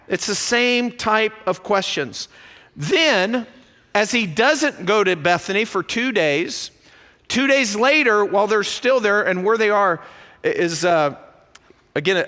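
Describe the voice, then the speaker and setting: A male pastor preaching a sermon in a church, animated and full of rhetorical questions. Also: sits high, normal speed, long reverb tail. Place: church sanctuary.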